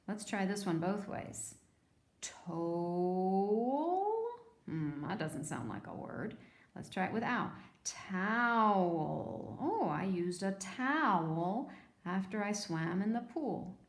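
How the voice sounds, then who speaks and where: A woman teacher giving a phonics lesson to young children, sounding out words slowly and patiently. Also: medium pitch, animated, roomy sound.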